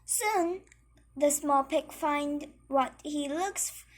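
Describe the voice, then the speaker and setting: A woman reading a children's story aloud, halting, with frequent slips and self-corrections. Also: high voice.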